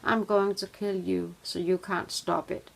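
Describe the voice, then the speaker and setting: A woman voicing a menacing man who threatens her family with a knife, speaking in a cold, slow, threatening way. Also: lowish voice, little pitch movement, gravelly, full character voice, poor audio.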